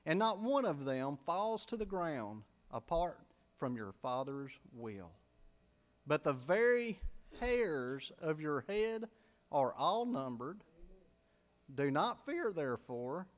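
A man preaching a sermon, building to loud emphatic swells and dropping to quiet asides. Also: on the high side. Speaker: pastor.

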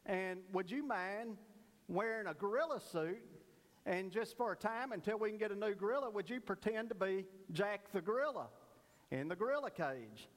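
A man's voice: high voice, animated, normal speed, in a large hall. A man preaching a sermon, telling a folksy joke story and then teaching earnestly about prayer. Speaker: pastor.

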